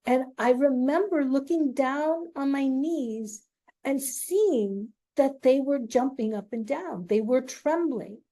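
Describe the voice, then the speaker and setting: Speaking in a high voice with a dark tone, a middle-aged show host confides a personal story, her delivery slow and earnest.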